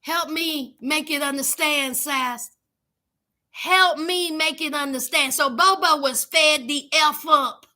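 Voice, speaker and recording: A woman's voice: sits high, takes it slowly, pushed and bright. A woman hosting a comedic reality show recap, sassy and chatty, talking straight to her viewers.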